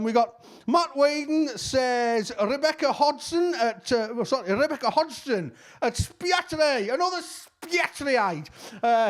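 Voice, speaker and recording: A man with a Cumbrian accent, chatting casually as he reads out shout-outs, rambling and using broad dialect words, his voice a bit worn. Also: very high voice. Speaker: musician giving shout-outs. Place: at home.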